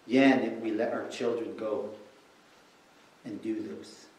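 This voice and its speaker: Slow, emphatic preacher in a roomy space. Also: male voice, lowish voice, a little mellow, slight background noise. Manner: slow, emphatic teaching, alternating English with another language. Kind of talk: bilingual sermon with interpretation. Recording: roomy and distant from the mic.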